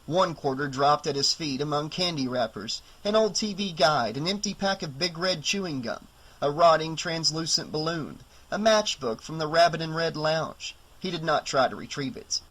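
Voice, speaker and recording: Man, audiobook narrator, steady even reading, bright tone. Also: a little high, normal speed, low-quality recording. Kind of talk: scripted narration.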